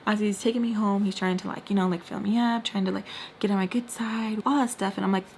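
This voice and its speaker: A woman chats straight to her viewers in a lively storytime, her voice sitting at an everyday middle pitch. She tells it with quick asides and dips into a near whisper now and then. A faint heater hum sits behind her. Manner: animated, expressive retelling with quick asides and drops to a whisper. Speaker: storytime vlogger. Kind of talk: casual storytime chat to viewers.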